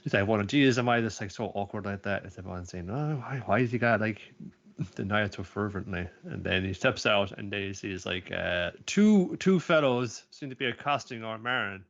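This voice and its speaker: A man with a lowish voice chats on a podcast, rambling and slipping into put-on voices as he retells scenes. His sound is dull and lo-fi. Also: lively intonation, normal speed. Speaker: podcast co-host. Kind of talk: casual chat about anime.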